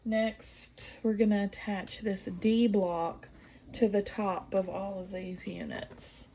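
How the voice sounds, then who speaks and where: A woman's voice: medium pitch, little pitch movement, slow pace, mellow. A woman with a Southern American accent chatting casually while she sews, now and then singing along to herself. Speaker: quilting vlogger. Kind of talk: casual sew-along narration. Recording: noisy home sewing room. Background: sewing machine whirring.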